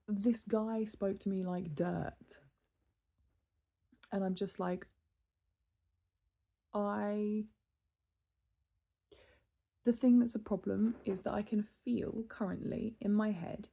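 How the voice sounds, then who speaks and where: A UK woman in her thirties vents in a casual vlog monologue, sounding exasperated. Her medium-pitched voice is gravelly and slow, with long pauses. She tells her story animatedly, with laughs and sighs.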